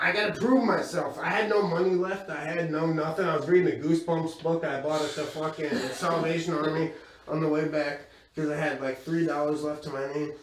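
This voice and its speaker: A man doing crude stand-up storytelling, profane and animated, laughing as he goes. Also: a little high. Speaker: stand-up comedian. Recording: echoey room from far off with crowd.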